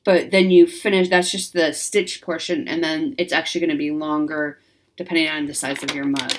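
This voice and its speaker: A woman with a slightly low voice talks through a magazine page by page. She rambles, full of fillers and eager asides, in a relaxed, casual chat. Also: a little fast. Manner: chatty, rambling, enthusiastic, many fillers. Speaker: craft channel host.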